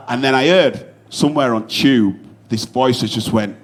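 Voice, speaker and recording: A young man with a Yorkshire accent performing a stand-up comedy set on a club stage, animated and swearing, with shouted bursts. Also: mid-range voice, moderate pace. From Bradford, Yorkshire, England.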